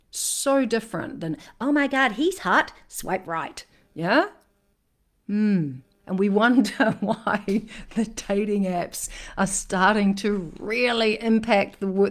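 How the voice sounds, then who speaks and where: A woman who coaches people on relationships is live-streaming a relaxed monologue, speaking with animated emphasis and frequently tossing in "right?". Her voice sits in the middle range.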